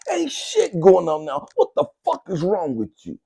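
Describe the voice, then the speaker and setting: A man's voice: high voice, huge pitch swings, normal speed, gravelly, few pauses, mellow, slightly rough. A man, a spiritual coach, delivering a fierce, profane motivational monologue in a preaching, scolding manner.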